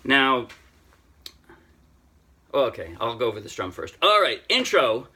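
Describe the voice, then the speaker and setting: An older man casually teaching a ukulele song, chatty and self-deprecating, thinking out loud with frequent restarts. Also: mid-range voice, big pitch swings, unhurried, faint music behind. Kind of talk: casual music tutorial. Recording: ukulele playing loudly throughout. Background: ukulele playing.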